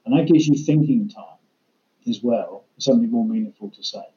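A man explains conversation techniques as a trainer, walking through practical examples in a relaxed, mellow voice. The recording sounds a little dull and lo-fi. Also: medium pitch, moderate pace. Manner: practical, illustrates with acted-out examples. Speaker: communication trainer.

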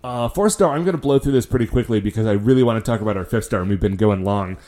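A man's voice: lowish voice, racing, mellow. A man co-hosting a podcast, chatting with dry, playful banter. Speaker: podcast co-host. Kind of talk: casual chat.

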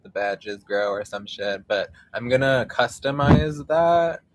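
A man's voice: medium pitch, expressive, slow, very noisy. A young man hosting a casual live podcast outdoors, rambling with many fillers and casual swearing. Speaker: podcast host.

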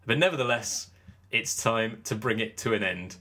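A man's voice: lowish voice, normal speed, pushed and bright. A man hosting a cricket podcast, chatting casually and teasing his co-host with a joking manner. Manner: joking, teasing, mimics commentators. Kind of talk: casual chat.

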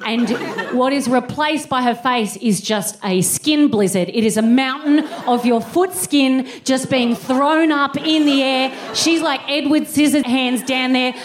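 Woman, 30s, stand-up comic, animated storyteller, a little faint hiss under the mic. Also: high-pitched, a little slow, hardly any pauses. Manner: animated storytelling with put-on voices and scat singing. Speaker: stand-up comedian. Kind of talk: stand-up comedy routine. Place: live venue with an audience.

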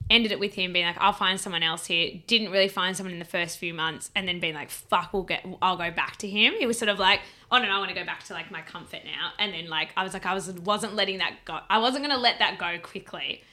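A young woman, telling a story in a casual chat, animated and laughing as she swears. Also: fairly low pitch, fast, few pauses. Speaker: podcast co-host.

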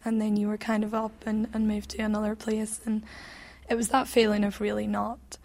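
Young woman, interview testimony, flat steady pitch, hesitant restarts, reflective. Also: moderate pace. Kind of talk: personal testimony.

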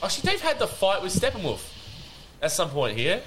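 A man, recapping a film on a podcast in casual chat, lively and swearing often as he mumbles impressions of the characters. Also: high-pitched, fairly quick, background noise.

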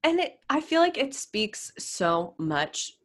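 A woman's voice: fairly high pitch, slow pace. A woman co-hosting a podcast, chatting casually and animatedly about celebrity gossip, with many "like"s. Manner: animated, gasps and laughs, frequent "like". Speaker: podcast co-host.

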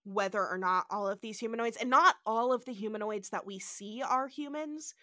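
A woman hosting a podcast in casual chat, animated as she recaps a TV episode and acts out lines. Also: fairly high pitch, normal speed, no room sound, studio quality. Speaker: podcast host.

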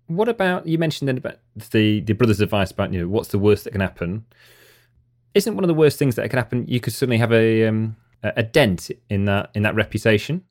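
A man hosting an interview and asking questions in a halting way, repeating words as he goes. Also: lowish voice, lively intonation, a little mellow. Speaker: interviewer, host. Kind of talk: interview conversation.

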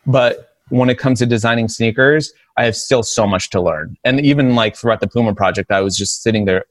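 A streetwear brand founder in his forties tells a story as a podcast guest in a studio, his medium-pitched voice moving a little fast with no echo. He's animated and casual, acting out the voices of the people he quotes.

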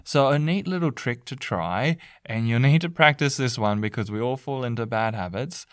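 A man's voice: medium pitch, moderate pace, fairly bright tone, smooth, no room sound, studio quality. A man speaking as a parenting counselor in a mock counseling session, earnest and coaxing, with lots of fillers and restarts.

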